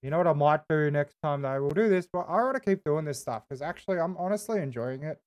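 A man's voice: fairly high pitch, expressive, fast talker, a little mellow. Laid-back Australian man swearing constantly. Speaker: roleplay streamer. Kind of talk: casual in-character game roleplay.

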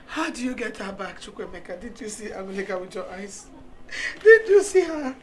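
A woman's voice: sits high, very animated, moderate pace, a little mellow. An actress playing a grieving mother who cries and wails in despair in a Nollywood film. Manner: wailing and despairing. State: crying. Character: grieving middle-aged Nigerian mother.

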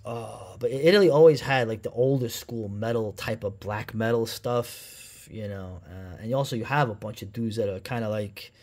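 A man's voice: fairly low pitch, normal speed, few pauses, a little mellow. A man giving casual, rambling commentary while reacting to a documentary, with a sarcastic streak and plenty of fillers and restarts. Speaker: reaction video host.

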